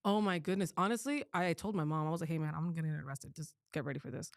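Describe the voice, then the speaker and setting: A woman's voice: low voice, fast talker, gravelly, dry recording, studio quality. A young woman co-hosting a podcast, telling a story in casual chat and acting out the quotes. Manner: animated, acts out quotes with voices. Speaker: podcast co-host.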